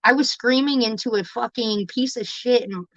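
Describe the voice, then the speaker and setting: A woman's voice: fairly high pitch, a bit bright, no echo. A woman on her own livestream, talking candidly and emotionally to viewers, swearing often and stopping to restart her sentences. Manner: raw, emotional, swears constantly, halting restarts. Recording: dull, dry home stream audio.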